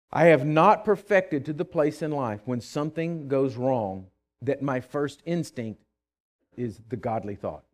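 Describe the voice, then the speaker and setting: A male pastor preaching a sermon, telling stories with emphasis, swinging from loud declarations to quiet asides and often restarting his words. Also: mid-range voice, unhurried. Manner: frequent stammered restarts.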